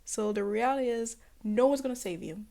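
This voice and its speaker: A young woman talking straight to her viewers in a casual self-help pep talk, sassy and blunt, with swearing, laughter and quick put-on voices. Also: gravelly, warm tone. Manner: acts out other people's voices in jumps of pitch. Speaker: spiritual self-help vlogger.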